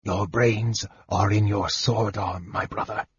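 A man voicing a frail, bitter young male mage who speaks in a soft, caustic whisper. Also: fairly low pitch, animated, unhurried, full character voice. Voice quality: husky, breathy. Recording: dull dry recording.

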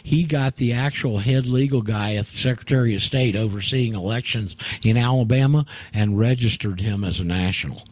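A man's voice: medium pitch, moderate pace, hardly any pauses, darkish tone, no echo. A man hosting a call-in radio show, telling a story in a rambling way with many fillers and restarts. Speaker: radio host.

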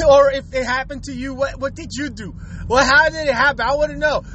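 Very high-voiced man ranting crudely. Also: steady tone, fairly quick, bright, forceful tone, a little hiss or hum, low-quality recording. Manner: crude, rambling, chuckling often; slangy street talk. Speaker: vlogger. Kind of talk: casual rant to viewers.

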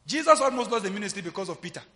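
A man preaching a sermon, swinging from quiet, intimate asides to loud shouting. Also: high voice, animated, racing. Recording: long hall reverb, faint music behind.

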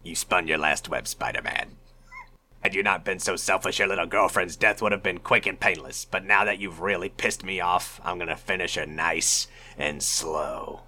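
Man doing a menacing supervillain snarl, low and slow, played for laughs in a podcast bit. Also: pushed and bright, exaggerated voice. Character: snarling menacing male supervillain, gleeful and cruel. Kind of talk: comedic impression.

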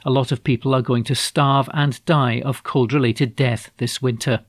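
A man with a Scottish accent reads newspaper articles aloud at a steady, measured pace. His voice sits at an ordinary middle pitch. The recording is dry and close, with no room sound. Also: dry recording. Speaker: volunteer newspaper reader.

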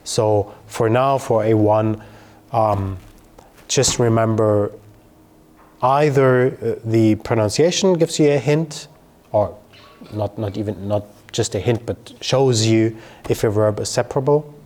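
A man teaching grammar to a learner, explaining patiently with fillers and slow, careful pronunciation examples. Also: lowish voice, a little mellow. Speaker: German teacher.

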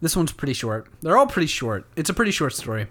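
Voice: mid-range voice, big pitch swings, quick pace, fairly bright tone. A storyteller reading a silly story aloud to friends, often breaking into giggles. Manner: giggly, keeps breaking into laughter.

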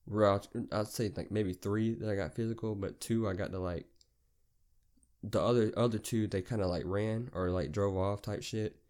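A podcast host with a fairly low-pitched voice talks at normal speed, telling a long story. His retelling is casual, rambling, profane, and animated.

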